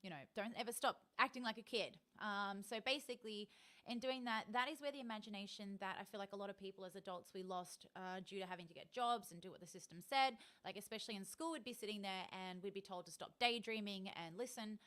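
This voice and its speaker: A woman's voice: mid-range voice, quick pace, a bit bright. Rambling Australian woman chatting on stream. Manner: chatty and rambling, many ums, laughs often. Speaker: live streamer. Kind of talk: rambling casual live-stream chat.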